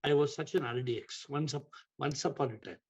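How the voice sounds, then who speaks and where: A man's voice: medium pitch, brisk, breathy edge. A man giving a spiritual talk over a video call, telling a story with emphatic repetition, in dull lo-fi call audio. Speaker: spiritual teacher.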